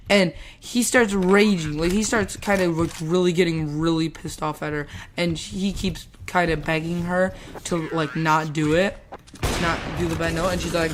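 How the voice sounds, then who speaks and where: A woman with a somewhat low voice tells a rambling story while she plays a game, swearing and laughing along the way. She jumps into the voices of the people she describes. A faint hiss and the click of a mouse sit behind her. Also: unhurried. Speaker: gamer telling a school story.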